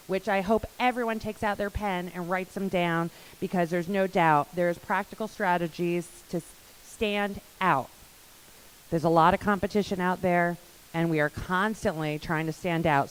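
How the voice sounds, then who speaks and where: A woman emceeing a business conference, introducing the next speaker with lively enthusiasm. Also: fairly low pitch, low-quality recording. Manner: enthusiastic, hypes up the audience. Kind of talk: live event hosting.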